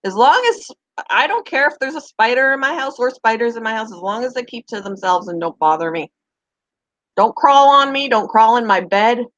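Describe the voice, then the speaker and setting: A middle-aged woman with a fairly high voice talks in a loose, chatty way, drifting between her viewers and her dog. The sound is dry and close, with no room echo. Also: expressive, normal speed, fairly bright tone, lo-fi sound. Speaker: pet vlogger. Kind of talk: casual chat to camera.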